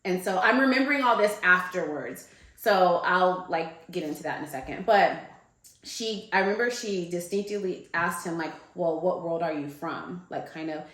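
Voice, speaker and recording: A woman with a lowish voice tells a story in a relaxed, rambling way, sprinkling in "like" and "um". Her voice rings with the echo of the room around her. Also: normal speed. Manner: loose and chatty, full of "like" and "um". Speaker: guest. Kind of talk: casual storytelling. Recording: echoey room.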